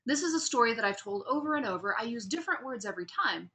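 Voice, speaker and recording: Bright upbeat woman teaching a speaking class. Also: on the high side, animated, fast talker. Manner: upbeat and chatty, with frequent restarts. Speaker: public speaking instructor. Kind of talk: recorded class lecture.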